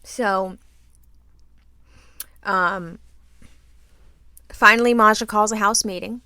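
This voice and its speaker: A woman co-hosting a podcast, telling an animated, laughing story in casual chat and swearing freely. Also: mid-range voice, takes it slowly, smooth, no room sound, studio quality. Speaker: podcast co-host.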